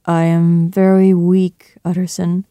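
A man's voice: sits high, fairly even intonation, mellow, no echo. A reader voicing a weak, despairing middle-aged male doctor who speaks faintly and drags his words out in a storybook reading. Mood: dreary. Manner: faint, drawn-out and dreary.

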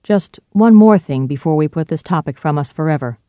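A reader voicing a fifty-year-old male doctor in a storybook reading, earnest and pleading but turning sharp and firm when pressed. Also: medium pitch, expressive, brisk, dry recording, clean studio sound, close to an everyday voice.

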